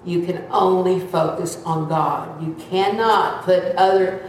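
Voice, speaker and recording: A woman's voice: fairly low pitch, fairly even intonation, slow, few pauses, a little mellow. Older woman teaching Sunday school in an echoey room. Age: 70s. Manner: earnest, chatty, acts out whiny voices. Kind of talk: sermon. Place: church room. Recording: echoey room, mic at a distance, faint noise.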